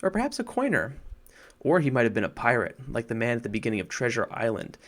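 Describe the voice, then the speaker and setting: A man's voice: medium pitch, wildly swooping pitch, fast talker, fairly bright tone. A man voicing a miserable, wound-up young boy in a storybook reading, close to his own voice. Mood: secretive.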